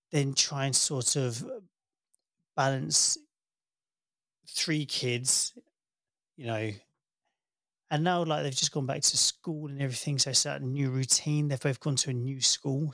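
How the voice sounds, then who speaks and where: A man in his thirties chatting casually, telling a warm family story and acting out the voices he quotes. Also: mid-range voice, vocal fry, no echo, clean studio sound. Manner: warm storytelling, animated when quoting. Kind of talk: casual chat.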